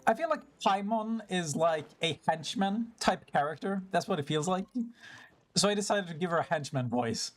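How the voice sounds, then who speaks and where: A game streamer chats casually over gameplay in an animated, mid-range voice at normal speed. Self-mocking and rambling, he swears now and then and often breaks into laughter.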